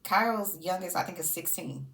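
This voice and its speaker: A woman's voice: fairly low pitch, moderate pace, gravelly, a bit bright, a little hiss or hum. A woman giving casual, sassy reality TV commentary. She laughs often and talks to her subjects directly.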